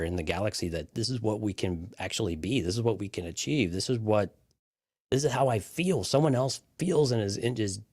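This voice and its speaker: Deep-voiced man making wry asides. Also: darkish tone, no echo, studio quality. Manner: wry joking asides, stumbling restarts. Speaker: podcast co-host. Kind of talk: casual live TV-show breakdown chat.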